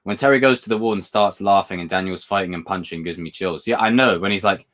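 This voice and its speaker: A British man whose voice sits low and sounds a bit bright talks fast while hosting a livestream. He rambles casually from one topic to the next as he reads out comments from viewers.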